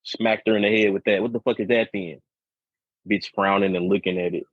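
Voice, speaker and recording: A husky-voiced man rambles through a profane, repetitive story on a casual podcast. His sound is dry and close, with dull, lo-fi podcast audio that lacks any sparkle. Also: fairly low pitch, steady tone, fairly quick, no room sound. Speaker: podcast co-host.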